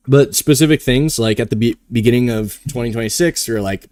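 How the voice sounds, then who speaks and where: A man's voice: mid-range voice, normal speed, mellow, no echo, studio quality. A man hosting a live trading stream, talking casually and rambling, with the odd yawn. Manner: rambling, conversational, yawning now and then.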